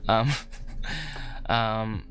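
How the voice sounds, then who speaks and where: A man's voice: on the low side, very slow. A man hosting a casual livestream while he works, rambling and self-deprecating, laughing often. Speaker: livestream host, animator. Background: soft lofi music.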